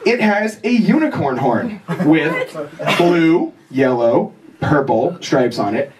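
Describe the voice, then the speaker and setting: A young male comedian tells a story on stage at a bar, high-voiced and swinging his pitch all over. He sounds far from the mic, with loud bar noise behind him. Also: slow, a crowd in the background. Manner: animated, swears casually, acts out scenes. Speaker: stand-up comedian. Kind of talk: stand-up storytelling.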